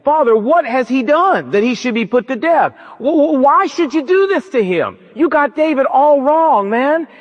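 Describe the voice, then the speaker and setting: A man's voice: extremely high pitch, lively intonation, normal speed, few pauses, pitched above the performer's own voice. A man voicing a young prince who stammers as he pleads with his father. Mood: pleading. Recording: dull lo-fi with long reverb.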